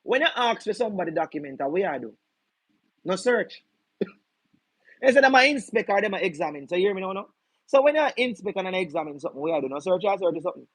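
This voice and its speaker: A man's voice: high voice, a bit bright, breathy edge, no room sound, poor audio. A man with a Jamaican accent explaining legal policy to an audience, emphatic and firing rhetorical questions at his listeners. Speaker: legal educator.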